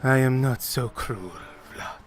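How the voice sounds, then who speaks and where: A man's voice: medium pitch, unhurried, soft background music, voice pushed down, lightly acted. A man voicing a composed, smug woman who runs an arena, speaking coolly and courteously. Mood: sly.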